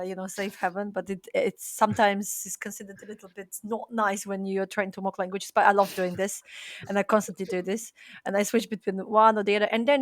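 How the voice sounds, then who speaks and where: A woman co-hosting a casual podcast chat, talking in a playful, rambling way. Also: medium pitch. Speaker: podcast co-host.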